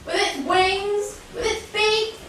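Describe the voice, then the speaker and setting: A woman's voice: very high-pitched, fairly even intonation, slow pace, fairly bright tone, slight background noise, exaggerated voice. A woman playing a nagging duck wife in a school stage play, recorded from far off in an echoey hall. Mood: scornful. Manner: nagging, scolding. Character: bossy quacking wife, a duck, shrill and scolding.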